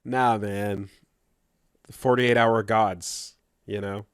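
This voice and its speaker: Relaxed man with a dry, rambling voice. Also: fairly low pitch, takes it slowly, clear, resonant tone, no room sound. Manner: laid-back, rambling, swears, mock voices in quotes. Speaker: podcast co-host. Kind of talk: casual banter.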